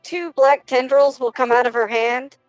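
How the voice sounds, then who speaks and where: A woman's voice: high voice, fairly even intonation, no echo, faint music behind, low-quality recording. A woman playing a tabletop game, describing her character's actions hesitantly. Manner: slow, hesitant, with "uh" pauses. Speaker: player.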